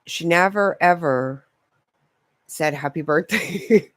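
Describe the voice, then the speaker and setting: A woman's voice: lowish voice, no room sound. Profane, rambling woman vlogger, dry sound. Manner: profane, rambling, laughs often. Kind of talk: casual ranting monologue.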